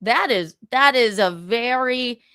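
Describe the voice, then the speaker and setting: A woman's voice: a little high, animated, takes it slowly, bright, forceful tone, clear, resonant tone, no echo, clean studio sound. A young adult woman hosting a casual livestream, chatting and giggling, swearing freely while she reads comments. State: tearful, choked up. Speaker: livestream host.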